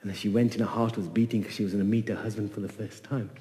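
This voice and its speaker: A man telling a folk tale in an animated way, repeating phrases and voicing the characters. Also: on the low side, racing, big-room sound. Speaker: storyteller. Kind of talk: oral folk-tale storytelling.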